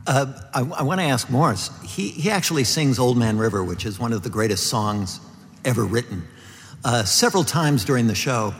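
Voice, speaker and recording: A man moderates a panel interview, stumbling over his questions and repeating words. His voice sits at a mid pitch, and the sound rings with a long hall reverb. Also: lively intonation, normal speed.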